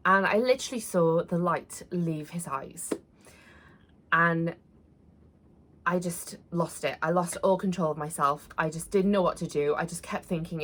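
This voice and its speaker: A woman, telling a personal story to camera in an earnest, conversational way with many fillers. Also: on the low side. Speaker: vlogger.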